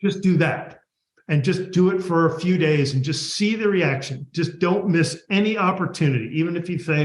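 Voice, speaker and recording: A man's voice: a little high, moderate pace. A man, a guest author, answering an interview and animatedly acting out workplace dialogue. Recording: echoey room.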